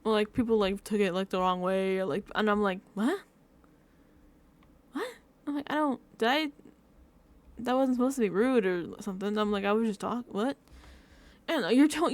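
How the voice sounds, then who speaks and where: A woman vlogging casual reaction commentary, rambling and repeating herself with lots of fillers. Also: on the high side. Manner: chatty, self-deprecating. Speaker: recap vlogger.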